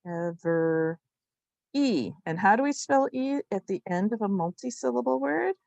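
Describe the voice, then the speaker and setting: A woman teaching a spelling lesson to young children, slowly sounding out each syllable with patience. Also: mid-range voice, lively intonation, gravelly, a little mellow, no room sound, lo-fi sound.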